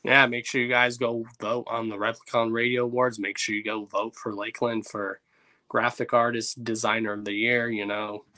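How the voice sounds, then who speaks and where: Bright-voiced man chatting on a livestream. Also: mid-range voice, flat delivery, normal speed. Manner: loose and chatty, reacts to chat. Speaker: livestream host. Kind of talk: casual livestream chat.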